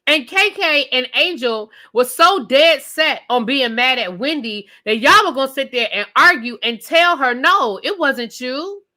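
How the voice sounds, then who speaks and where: This is a woman ranting through a live review of a reality show. Her voice is bright and sits a little high. She is animated and full of profanity, and she keeps speaking directly to her audience. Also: normal speed, few pauses. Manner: direct address to viewers.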